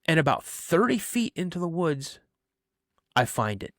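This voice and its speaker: Man, casual storytelling, lively, fillers, slightly high voice, dry sound. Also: a little slow, dry recording. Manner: animated, acts out voices in his stories; chatty, many "you know" fillers. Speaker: podcast guest.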